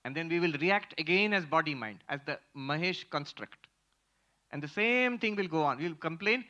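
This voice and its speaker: A man's voice: a little high, animated, normal speed, pushed and bright. A man, a monk teaching Vedanta in a lecture with audience questions, emphatic and repeating key phrases. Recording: muffled lo-fi lecture recording.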